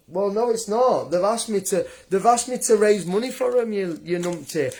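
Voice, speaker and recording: A man's voice: very high-pitched, lively intonation, moderate pace. A young man livestreaming an angry rant, taunting and mocking a critic with frequent laughs.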